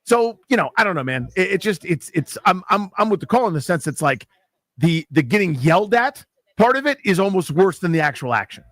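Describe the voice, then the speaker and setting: A man's voice: high voice, fairly quick, no echo. A man co-hosting a sports talk radio show, talking casually and arguing his point with a lot of restarts. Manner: animated, argumentative, repeats words when thinking. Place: live remote broadcast booth.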